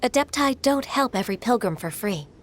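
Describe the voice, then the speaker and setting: A woman voicing a shy, earnest half-divine young woman in a video game, soft-spoken and hesitant. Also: fairly high pitch, animated, a little fast, a little hiss or hum, lightly acted. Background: game music.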